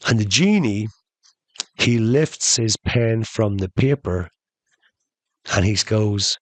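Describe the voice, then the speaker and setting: A man's voice: on the low side, lively intonation, slow, long pauses, dry recording. A man hosting a podcast, telling a joke story in a rambling way. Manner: rambling, with filler likes and restarts. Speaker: podcast host.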